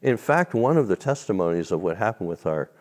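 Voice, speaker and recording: A man telling a faith testimony as an interview guest, animated and then dropping soft and low at tender moments. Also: fairly quick. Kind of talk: storytelling testimony. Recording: long reverb.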